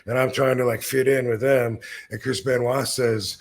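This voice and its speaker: A man in his fifties tells a story on his own podcast, loose and rambling, with plenty of swearing. His voice sits at a middle pitch and carries a gravelly, fry-edged texture. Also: level tone, moderate pace. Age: 50s. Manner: laid-back, swears freely, rambling with fillers. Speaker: podcast host. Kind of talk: casual storytelling.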